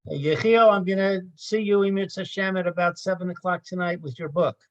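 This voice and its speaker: A man's voice: high voice, steady tone, fairly quick. A man taking part in a Torah class over a video call, giving brief answers and chatty goodbyes. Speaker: class participant. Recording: muffled video call audio.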